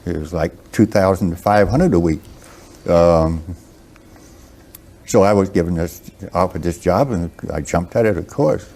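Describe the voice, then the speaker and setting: Older Southern man, deep slow drawl. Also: darkish tone, a little hiss or hum. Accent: Southern American. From American South. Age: 70s. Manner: slow, halting, with many fillers and restarts. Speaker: guest writer. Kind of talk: interview.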